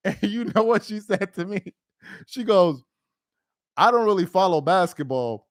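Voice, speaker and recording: Excitable man chatting on a live stream. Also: sits high, moderate pace, no room sound, studio quality. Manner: excitable, laughing, repeats himself. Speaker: live-stream basketball commentator. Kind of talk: casual live-stream chat.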